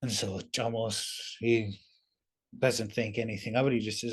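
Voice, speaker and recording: A man telling a traditional story in a relaxed, conversational way over a video call, using many fillers like "kinda". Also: lowish voice, a little slow, slightly rough. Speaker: storyteller and webinar presenter. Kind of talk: casual oral storytelling.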